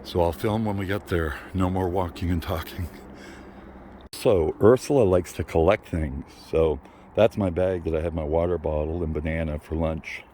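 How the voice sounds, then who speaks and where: A man's voice: low voice, steady tone, normal speed, mellow, a little hiss or hum. An older man vlogging casually on an outdoor park trail, out of breath and panting between phrases. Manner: chatty, panting between phrases, apologetic, laughs often. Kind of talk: casual walking vlog.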